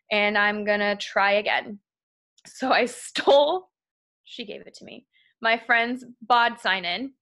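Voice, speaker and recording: This guest speaker is a young woman whose fairly high voice comes out bright and pushed. Telling the group an honest, emotional story about herself, she fills her speech with "like" and now and then nearly cries.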